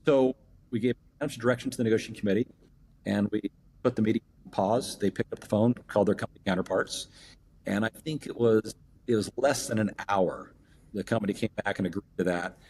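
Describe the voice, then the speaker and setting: A middle-aged man, an airline captain and union rep, telling a long story as a podcast guest and pausing often on fillers and restarts. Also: lowish voice, darkish tone, a little hiss or hum. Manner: rambling, many fillers and restarts. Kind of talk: storytelling in an interview.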